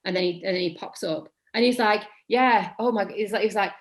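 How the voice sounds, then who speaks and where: A woman in her thirties, an English guest actor with a Mancunian accent, chats quickly at medium pitch in a casual interview. She rambles, corrects herself along the way, and notes that her voice tends to be monotonous.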